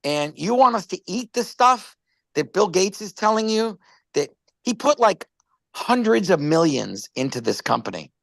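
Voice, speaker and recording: A man's voice: sits high, sing-song, moderate pace, gravelly, fairly bright tone, dry recording. A man casually presenting a product on a live stream, rambling through stories and stumbling over repeated words.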